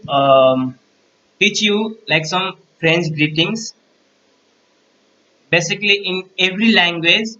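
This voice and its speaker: Guy teaching french greetings, talks slow, repeats every phrase, bright tone. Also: fairly high pitch, highs cut off. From India. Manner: slow, repeats each phrase to model pronunciation. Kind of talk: recorded classroom lesson.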